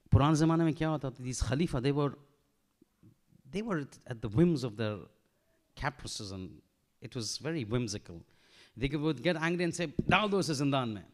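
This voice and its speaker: A man giving a sermon, telling a story with lively acted-out dialogue and Urdu phrases mixed in. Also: mid-range voice. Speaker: preacher.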